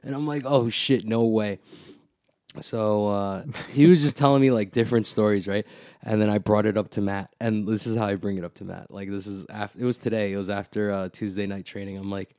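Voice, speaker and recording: A man's voice: on the low side, fairly quick, dry recording, clean studio sound. A man telling a story in a casual podcast chat, leaning hard on "like" and swearing freely, often acting out what others said. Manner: animated storyteller, heavy "like", frequent swearing.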